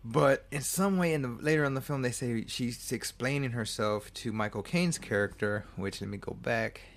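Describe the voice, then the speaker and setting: A man's voice: mid-range voice, moderate pace. A man casually recapping a film plot, rambling, swearing freely and often correcting himself. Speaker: movie reviewer.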